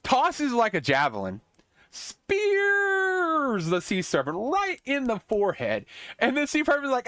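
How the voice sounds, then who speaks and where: A man's voice: very high voice, wildly swooping pitch, a little slow, sharp tone, no echo. A young man hosting a podcast, casually recapping an old movie scene by scene, rambling, laughing and swearing as he goes. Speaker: podcast host.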